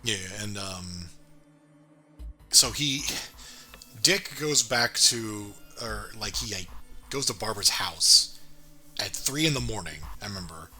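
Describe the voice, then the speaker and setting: A man's voice: on the low side, expressive, slow pace, pauses often, bright, forceful tone, soft background music. A man in casual chat, recapping cartoon episodes and acting out quoted lines, with many fillers. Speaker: podcast co-host reviewing a cartoon.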